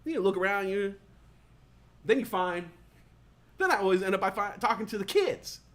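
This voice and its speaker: Profane rambling man, fairly high voice. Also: animated, normal speed, a bit bright. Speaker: talk show host. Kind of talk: casual comedic storytelling.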